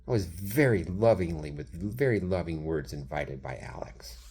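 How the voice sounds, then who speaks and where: A man in his thirties talks straight to camera in a loose, rambling vent, speaking to someone who isn't there. His voice sits low and has a husky, rough edge. Every so often he drops into a hushed whisper before picking up again. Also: expressive, moderate pace. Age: 30s. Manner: rambling, addresses someone absent, slips into whispered asides. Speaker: vlogger. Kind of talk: venting monologue to camera.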